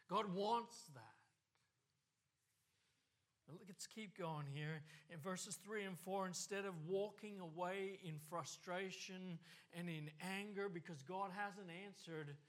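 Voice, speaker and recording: A man's voice: sits high, a bit bright. A man preaching a sermon, passionate and earnest, with the voice rising and falling. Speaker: pastor.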